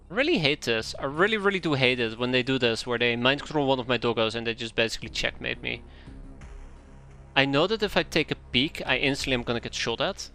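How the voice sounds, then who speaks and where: A man streaming a game live, giving exasperated commentary. He repeats himself, swears now and then, and his voice jumps up when something goes wrong. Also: sharp tone. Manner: exasperated, complains aloud, voice jumps high when upset.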